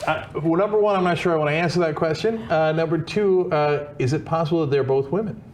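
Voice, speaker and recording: A laughing, animated man hosting a talk show, his voice sitting a little high for a man. He jokes and rants in loose banter. A faint hiss of noise runs under the recording. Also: fast talker. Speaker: host.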